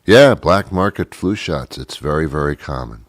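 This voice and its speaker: A man's voice: rumbling low, expressive, moderate pace, no room sound, studio quality. A man hosting a talk show, rambling sarcastically through a comic monologue with many asides. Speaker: radio show host.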